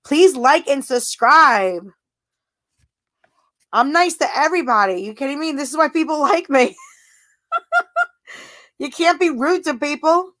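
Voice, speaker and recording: A woman's voice: high voice, animated, measured pace, pauses often, a bit bright. A woman chatting casually on a livestream, reading out viewer comments, giggly and laughing often, thanking viewers. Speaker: livestream host.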